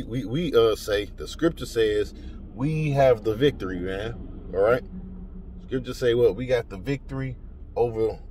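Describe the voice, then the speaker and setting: A man preaching informally to camera, full of slang and stammering repetitions, with emphatic outbursts. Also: medium pitch. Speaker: street preacher. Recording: outdoors from a distance with loud traffic noise.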